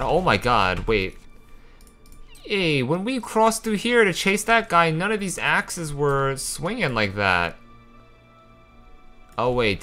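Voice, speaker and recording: A young man talks over his gameplay in a casual, excitable way, getting frustrated and swearing, then apologizing for it. His pitch sits in the middle. Faint game music and keyboard typing are heard behind him. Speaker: gaming channel host.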